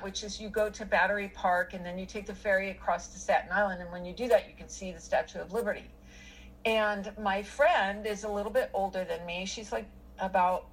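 A woman's voice: medium pitch, a little hiss or hum, poor audio. A middle-aged woman telling a personal story in casual conversation, rambling with many fillers and restarts.

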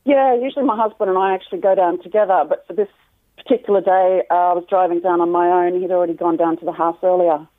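A woman's voice: on the low side, fairly even intonation, quick pace, no echo. An Australian woman calling in to a radio show, talking in a friendly way with many hesitant fillers. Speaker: caller. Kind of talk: radio phone interview. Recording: phone line on radio.

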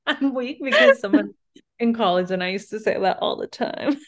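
A woman's voice: sits high, wildly swooping pitch, a little slow. Young woman podcast cohost, rambly chatty, lots of "like", laughs a lot. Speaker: podcast co-host. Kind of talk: casual chat.

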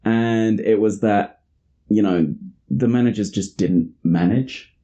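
A man's voice: lowish voice, slow, mellow, highs cut off. A young English man with a British accent hosting a podcast in casual chat, laughing often and acting out the people he quotes. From England. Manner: chatty, laughs often, acts out quoted voices. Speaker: podcast host.

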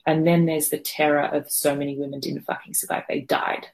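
A woman's voice: sits low, little pitch movement, brisk, vocal fry. A woman being interviewed, telling a raw, emotional personal story, swearing freely and rambling with fillers. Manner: rambling with many fillers and restarts. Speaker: podcast guest telling her birth story.

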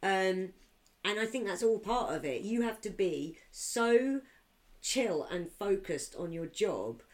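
A woman co-hosting a podcast in casual chat, animated, quick to laugh and swear. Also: mid-range voice. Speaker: podcast co-host.

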